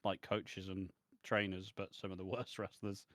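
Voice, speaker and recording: A man's voice: deep voice, level tone, moderate pace, fairly bright tone, dry recording, clean studio sound. A man co-hosting a wrestling podcast in blunt, sardonic, profane chat. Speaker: podcast co-host. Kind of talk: casual chat.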